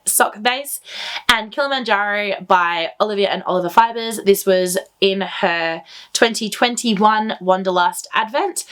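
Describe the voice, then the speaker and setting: A woman hosting a knitting video, talking casually and eagerly straight to her viewers. Her voice sits at an ordinary middle pitch, and she rambles happily from one thought to the next. It sounds like an easygoing chat recorded at home. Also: fairly bright tone. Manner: enthusiastic, chatty, rambling. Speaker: knitting podcast host.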